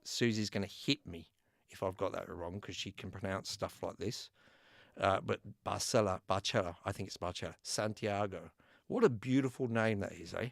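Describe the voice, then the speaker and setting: A man's voice: deep voice, normal speed, vocal fry, dry recording, clean studio sound. An Australian man hosting a live giveaway stream, chatting casually, laughing often and reading out names from the chat. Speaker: YouTube host running a live giveaway.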